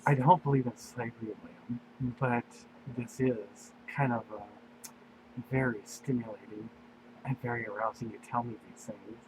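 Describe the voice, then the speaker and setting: A man voicing a commanding, regal young queen in a read-aloud fan story, in a soft, unhurried voice with little change in pitch. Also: steady tone, background noise, close to an everyday voice. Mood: amused.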